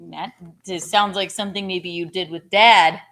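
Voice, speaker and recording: A woman's voice: lowish voice, fairly even intonation, moderate pace, fairly bright tone, a little hiss or hum. A young woman hosting a casual cooking show, joking and chatting playfully while she cooks. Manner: playful, joking, chanting chopping sounds.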